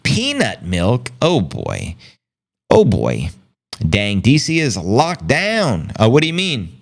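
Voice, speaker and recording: A man's voice: lowish voice, wildly swooping pitch, slow, creaky. A man hosting a live stream, chatting casually and reading viewers' comments aloud. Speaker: livestream host. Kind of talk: casual livestream chat.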